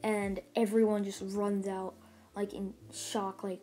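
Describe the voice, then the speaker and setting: A woman's voice: mid-range voice, level tone, moderate pace, mellow, faint music behind. A woman casually retelling a fan story, rambling along with lots of fillers and restarts.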